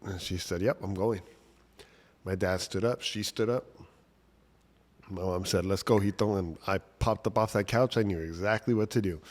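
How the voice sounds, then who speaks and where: A man's voice: deep voice, normal speed. A man casually telling a personal story from childhood, talking conversationally with lots of "like" and "right?".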